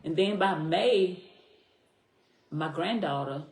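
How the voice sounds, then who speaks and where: A woman's voice: lowish voice, slow, darkish tone. A middle-aged woman, a podcast guest, telling her personal story in an earnest, heartfelt way, often repeating herself. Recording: echoey room.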